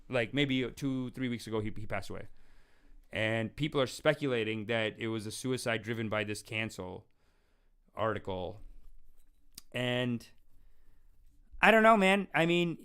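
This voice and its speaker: A young man hosting a casual call-in show, rambling and animated, often restarting his sentences and acting out quotes. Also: mid-range voice, clean tone. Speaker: show host and self-styled spiritual teacher. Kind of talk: casual livestream call-in talk.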